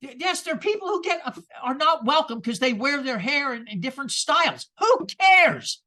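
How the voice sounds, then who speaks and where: A man preaching a sermon as minister, animated and rhetorical, with sarcastic asides. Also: very high-pitched, normal speed.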